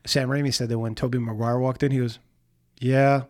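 Animated, profane man chatting casually. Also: medium pitch, fast talker. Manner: animated, profane, acts out quotes. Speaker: podcast co-host. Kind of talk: casual chat.

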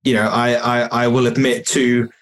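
A man's voice: mid-range voice, level tone, normal speed. A man chatting casually as a podcast guest, swearing freely and poking fun at himself. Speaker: YouTube video creator, podcast guest.

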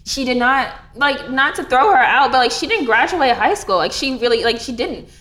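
A young woman in casual chat, animated and swearing freely, with many fillers. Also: sits high, moderate pace. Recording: echoey room.

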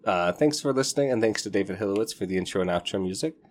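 A man's voice: lowish voice, lively intonation, very fast, darkish tone. A man hosting a book podcast, chatting casually and enthusiastically in a rambling way, retelling scenes with laughing asides. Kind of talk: casual book review chat.

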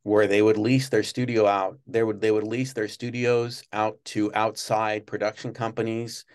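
Halting low-voiced man telling stories. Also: flat delivery, a little mellow, clear, resonant tone. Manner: halting, many restarts and fillers. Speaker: guest, former studio page. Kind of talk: casual interview storytelling.

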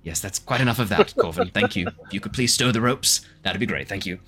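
A man's voice: fairly low pitch, lively intonation, fast, a bit bright, slightly rough, soft background music. A man voicing a polite but commanding ship captain who gives courteous orders. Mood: brisk. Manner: courteous, bossy.

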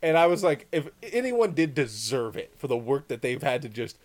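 A man in his thirties telling stories in casual chat, animated and profane, acting out the other people in his stories. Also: mid-range voice, moderate pace. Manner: animated, swears freely, acts out voices in his anecdotes. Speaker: podcast co-host, father.

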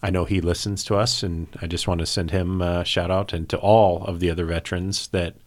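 A man's voice: sits low, little pitch movement, fairly quick. A man who co-hosts a podcast as an emergency physician, speaking steadily and plainly. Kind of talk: casual podcast chat.

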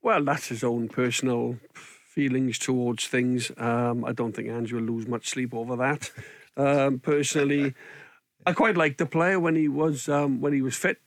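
A man's voice: medium pitch, a little slow, dry recording. Man chatting football on radio. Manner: relaxed, frequent ums. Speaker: football pundit. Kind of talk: casual radio sports chat. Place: radio studio.

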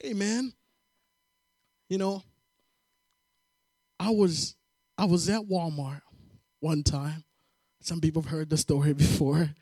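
Animated high-voiced male preacher. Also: takes it slowly, long pauses, husky, no room sound, clean studio sound. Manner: animated storytelling, acts out voices, call-and-response amens. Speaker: pastor. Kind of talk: sermon with personal story.

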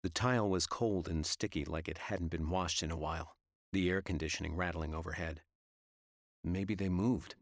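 A man reads a gritty novel aloud in a steady, measured way. His voice sits very low, and the recording is close and dry with no room sound. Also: no room sound. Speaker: audiobook narrator. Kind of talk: scripted narration.

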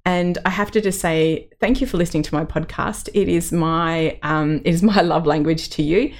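Low-voiced woman, candid podcaster. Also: normal speed. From Australia. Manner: candid and personal, with laughs and fillers. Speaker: podcast host. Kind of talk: reflective solo podcast.

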